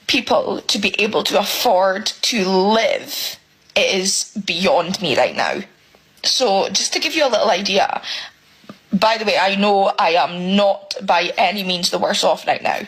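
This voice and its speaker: A British woman ranting emotionally in a selfie vlog about money, swearing and halting as she speaks. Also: mid-range voice, a bit bright, husky, rough recording. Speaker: single parent venting.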